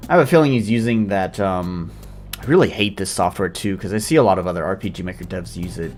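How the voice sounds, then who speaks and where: A man's voice: low voice, quick pace, darkish tone. A man streaming a game and commenting casually in an offhand, rambling way. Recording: faint game music behind.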